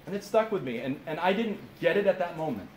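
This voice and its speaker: A man in his thirties preaching a sermon at a camp, telling stories in an animated way and often restarting his sentences. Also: a little high, fast. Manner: animated storytelling with frequent restarts. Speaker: pastor. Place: camp meeting room. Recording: roomy echo with faint hiss.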